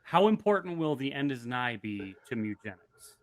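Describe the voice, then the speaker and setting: A man's voice: mid-range voice, sing-song, normal speed, no room sound. A man hosting a live stream, casually reading out viewer questions with an easygoing manner. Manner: easygoing, laughs often. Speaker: stream host.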